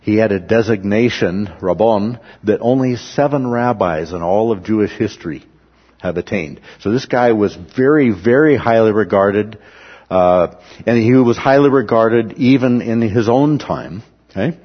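A man's voice: on the low side, a little slow, breathy edge, muffled recording. A man teaching a Bible study class, explaining at length and checking in with the group with a frequent "okay?".

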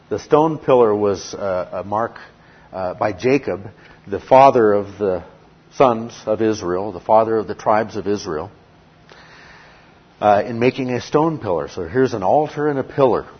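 A man's voice: fairly low pitch, slightly rough. A man preaching a verse-by-verse sermon as a Bible teacher, emphatic, reading scripture and asking and answering his own questions. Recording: dull lo-fi recording.

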